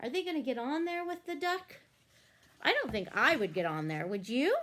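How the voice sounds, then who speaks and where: Lady reading a kids book out loud, bouncy high voice, asks the kids stuff. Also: normal speed. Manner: animated, asks the listeners questions. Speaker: storyteller reading to children. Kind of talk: picture-book read-aloud.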